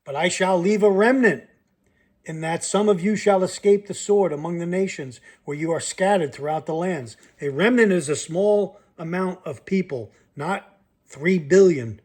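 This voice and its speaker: A man with a somewhat high-pitched voice reads scripture aloud, line by line. Between passages he stops to comment and press his listeners directly, in the manner of a sermon. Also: normal speed, darkish tone. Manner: reads verses aloud, then breaks off to comment and challenge listeners. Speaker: Bible teacher.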